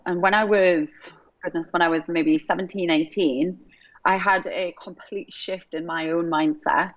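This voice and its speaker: Upbeat English woman guest, low-pitched, recorded dry and dull. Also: dry recording. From England. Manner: earnest, upbeat, fluent. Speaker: guest coach. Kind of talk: interview answers.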